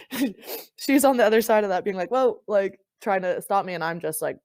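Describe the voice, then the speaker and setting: A young woman from Canada, a rugby player, telling stories in a casual chat, laughing often and filling pauses with "um" and "like.". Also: medium pitch, big pitch swings, darkish tone, no room sound, poor audio. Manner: laughs often, lots of fillers.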